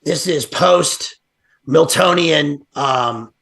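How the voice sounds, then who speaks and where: A man's voice: a little high, very slow, gravelly, fairly bright tone. A man talking as a guest on a livestream, analyzing literature in a rambling way, full of fillers and restarts. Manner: digressive, many fillers and restarts. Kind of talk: casual livestream discussion.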